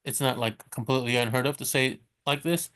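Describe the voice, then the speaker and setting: Man, Spanish teacher, casual lesson, self-correcting, slows to sound out words. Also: mid-range voice, steady tone, a bit bright, clean tone. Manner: chatty, self-correcting, laughs at his slips. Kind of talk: casual screen-share lesson.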